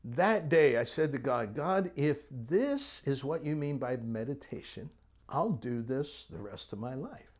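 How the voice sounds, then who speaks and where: A middle-aged man telling personal testimony stories as a ministry teacher, earnest, sometimes falling to a soft whisper. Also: mid-range voice, breathy edge.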